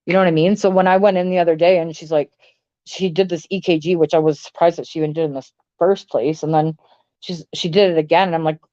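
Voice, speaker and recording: A woman's voice: lowish voice, fairly even intonation, fast talker, mellow, no echo, lo-fi sound. Blunt, profane woman ranting on stream. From Canada. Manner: blunt, profane, rambling with many "like"s. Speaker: livestream host. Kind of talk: casual livestream rant to chat.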